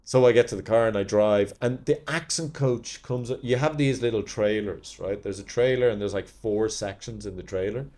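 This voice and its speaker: A man's voice: fairly low pitch, normal speed, hardly any pauses. A man, an actor guest on a podcast, telling anecdotes from his career in casual chat and acting out the people he quotes. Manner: animated storyteller who acts out quoted people.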